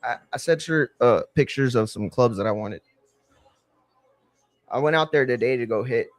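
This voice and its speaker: A man runs a live watch-along stream, talking casually and spinning rambling stories packed with slang and frequent "bro"s. He has a mid-range voice at a moderate pace, in a dry recording.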